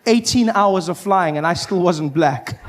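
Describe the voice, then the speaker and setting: A man performs stand-up into a handheld stage mic, his voice pitched higher than most men's. He tells animated, self-mocking stories. A faint hum sits underneath. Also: a little slow. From South Africa. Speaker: stand-up comedian. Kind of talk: stand-up comedy. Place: comedy stage.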